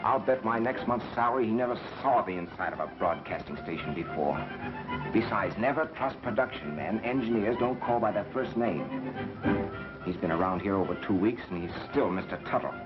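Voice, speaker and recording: A man's voice: lowish voice, lively intonation, a little fast, natural voice. An actor playing a cocky, analytical male radio engineer turned amateur sleuth, with a dry, know-it-all manner, in a 1930s film. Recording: dull 1930s film soundtrack with music.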